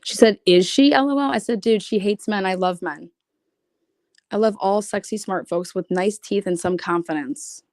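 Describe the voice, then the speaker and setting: A woman doing casual livestream commentary reads private messages aloud, answering them with blunt sarcasm and profanity. Her medium-pitched, darkish voice holds a steady tone at a normal pace, with clean studio sound and no room noise.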